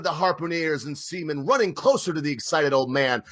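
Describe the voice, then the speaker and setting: A man reading a novel aloud dramatically, his narration hushed between the characters' lines. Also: medium pitch, moderate pace, hardly any pauses. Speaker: reader.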